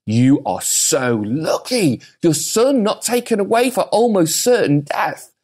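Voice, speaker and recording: A man doing shrill, fretting village gossips. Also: very animated, a little slow, a little mellow, husky, heavily acted. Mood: amazed. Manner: high, exclaiming and dramatic.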